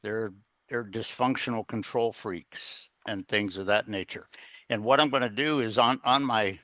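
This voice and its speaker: Brief: middle-aged male coach on a podcast, lowish voice with a sharp, forceful edge, earnest and meandering, lots of "uh" and "you know". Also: a little slow, no room sound. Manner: rambling, with many fillers and restarts; earnest, plain-spoken. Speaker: guest, executive coach. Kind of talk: conversational storytelling in an interview.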